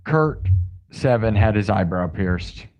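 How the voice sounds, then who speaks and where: A man's voice: lowish voice, animated, slow, darkish tone. Jokey rambling male streamer. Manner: jokey, rambling, talks to chat. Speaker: live stream host and improv musician. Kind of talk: casual live stream chat.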